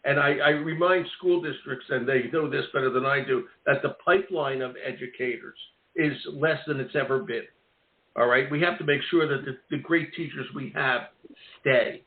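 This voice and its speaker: A man's voice: mid-range voice, moderate pace. A man hosting a radio interview in a chatty, rambling way, often repeating and restarting his words. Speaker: radio show host. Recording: tinny phone-like line with roomy echo.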